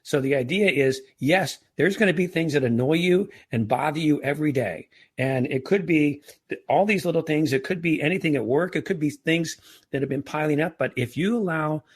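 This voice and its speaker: Fairly quick and husky, with a pitch on the higher side, a middle-aged podcast guest talks in a relaxed interview style. He keeps stumbling, restarting sentences and repeating words.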